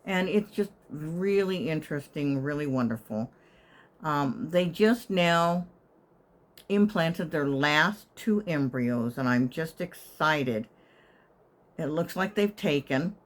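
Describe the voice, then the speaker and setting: A woman's voice: low-pitched, animated, slow. An older woman living in assisted living, telling a wry, chatty story to her channel and sometimes whispering her inner thoughts. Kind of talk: casual storytelling to camera.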